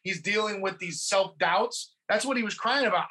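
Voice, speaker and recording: A podcast host retelling a movie scene by scene in a casual, swearing, animated way. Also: mid-range voice, normal speed, hardly any pauses. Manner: profane, animated storytelling.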